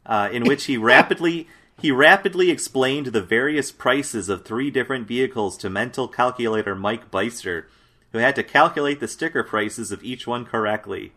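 A man's voice: mid-range voice, moderate pace, sharp tone. A man co-hosting a casual chat, reading out lists of facts in a dry way with fillers. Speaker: podcast co-host.

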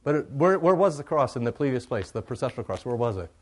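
A middle-aged male pastor giving a conversational, joking sermon, moving from quiet asides to loud, animated bursts. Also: mid-range voice, fast talker.

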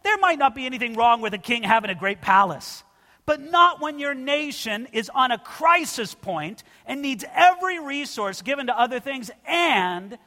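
A man's voice: extremely high pitch, lively intonation, moderate pace, bright, forceful tone. A man preaching an expository sermon in a church, earnest and direct, often calling his listeners friends. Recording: long reverb of a large hall.

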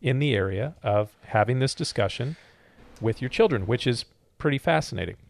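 A man co-hosting a casual podcast, playful and quick to joke. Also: mid-range voice, expressive, gravelly. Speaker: podcast co-host.

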